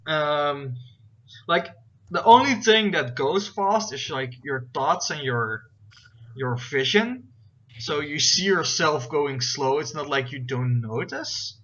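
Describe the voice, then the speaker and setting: Bright-voiced man running a tabletop game. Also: on the high side, animated, takes it slowly. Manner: rambling, many "like" fillers. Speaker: game master. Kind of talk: casual tabletop game narration. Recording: dull lo-fi recording, faint noise.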